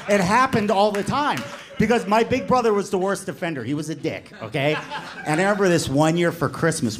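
A man in his forties doing a stand-up comedy set, telling a story in an animated way and shouting when he voices characters. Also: a little high. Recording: live club with audience laughter. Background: audience laughing.

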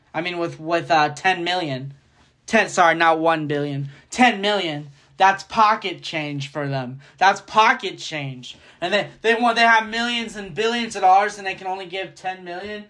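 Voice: medium pitch, a bit bright. A podcast host delivering a casual solo rant, profane and rambling, jumping between thoughts.

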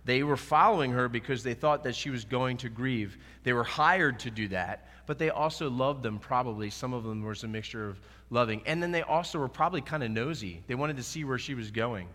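A pastor preaches with earnest conviction and acts out scripture lines as he explains them. His voice is bright and forceful, in a middle register. It rings with the long reverb of a hall. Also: medium pitch, fairly quick, few pauses. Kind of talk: sermon.

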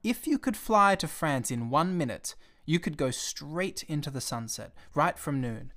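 Man reading a storybook gently. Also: fairly high pitch, animated, measured pace. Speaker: storybook reader.

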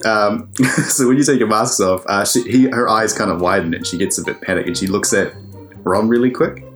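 Low voiced guy running a tabletop game, laid back, lots of ums, bit of music behind. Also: fairly quick. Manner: relaxed, laughs often, describes scenes with fillers. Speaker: game master.

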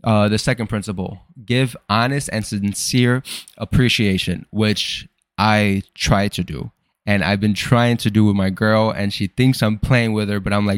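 A man's voice: lowish voice, fairly even intonation, measured pace, clean tone, dry recording, clean studio sound. A young man hosting a podcast, rambling through a casual, profane and self-deprecating personal monologue. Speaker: podcast host.

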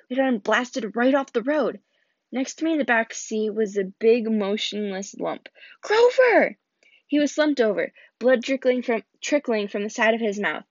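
A woman with a slightly high voice reads a novel aloud, performing the characters' voices and often restarting or slipping up. The lo-fi recording sounds dull but has no echo.

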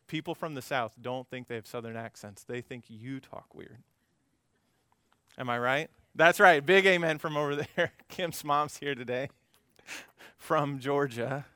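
A man preaching in a church, his voice bright and forceful with a smooth, clear ring and a slightly high pitch. He tells the story in a relaxed, conversational way, turning to the congregation with asides and humor. The sound is close and dry. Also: dry recording. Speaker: pastor. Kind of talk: conversational sermon. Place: church service before a congregation.

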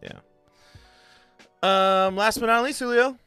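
A man's voice: sits high, slow, pushed and bright, clean tone, faint music behind. A man co-hosting a casual sports podcast, talking in a laid-back, rambling way with many fillers. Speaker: podcast co-host.

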